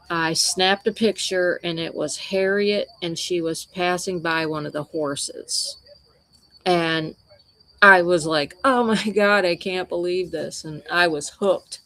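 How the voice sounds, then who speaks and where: A woman's voice: sits low, creaky, a bit bright. A woman wildlife photographer chatting casually with livestream viewers, telling meandering, conversational stories.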